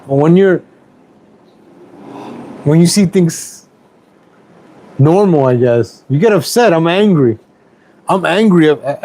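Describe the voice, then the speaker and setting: A middle-aged YouTube streamer rants about politics on a casual home stream, rambling, repeating himself and angry at everything. His voice is on the high side with a dark tone, and the recording is rough.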